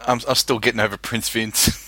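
Joking guy hosting a movie podcast, sharp bright voice, very dry sound. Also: on the low side, level tone, fairly quick, no room sound. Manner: teasing, joking. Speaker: podcast host. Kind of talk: casual film chat.

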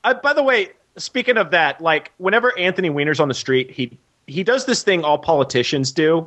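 A man co-hosting a casual political chat, animated and mocking, often mimicking politicians. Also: a little high, brisk.

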